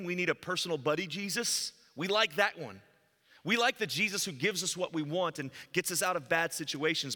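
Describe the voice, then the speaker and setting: A man preaching a sermon as pastor, telling a story and moving between loud emphasis and hushed, low lines. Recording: long hall reverb.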